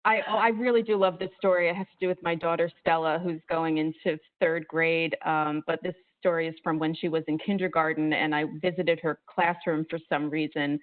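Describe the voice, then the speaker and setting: A woman's voice: low-pitched, fairly even intonation, fairly quick, hardly any pauses. A middle-aged woman who produces audiobooks, telling a family story in a chatty way full of fillers. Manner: warm, chatty, many fillers. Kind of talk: casual storytelling on a video call. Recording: tinny phone-like audio.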